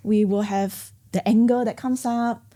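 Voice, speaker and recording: A woman, calmly giving parenting advice on a podcast panel. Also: on the high side, a little slow. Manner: calm, advisory explaining.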